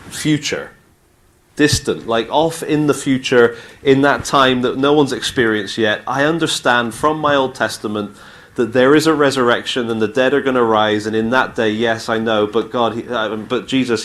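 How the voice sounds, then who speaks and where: A man's voice: medium pitch, fairly bright tone. A man with a British accent giving an informal, chatty Bible talk to students, telling the story with asides and acted-out dialogue. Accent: British English. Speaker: speaker at a student Christian talk.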